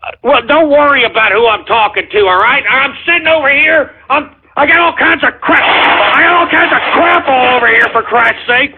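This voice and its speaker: A man's voice: very high voice, moderate pace, breathy edge. A man hosting a call-in radio show who swears a lot and rants in exasperation. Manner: profane, exasperated ranting. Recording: tinny phone-like audio.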